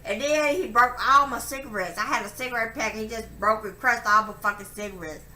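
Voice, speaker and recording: A young woman telling a personal story to camera, profane and emphatic, acting out her quotes loudly. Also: a little high, a little fast. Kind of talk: candid storytelling monologue. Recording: echoey room with faint ambient noise.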